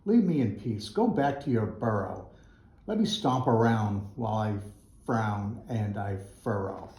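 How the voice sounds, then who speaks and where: A man voicing a grumpy, huffy male buffalo in a storybook, loud and blustering, in an echoey school room. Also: on the low side, lively intonation, a little slow.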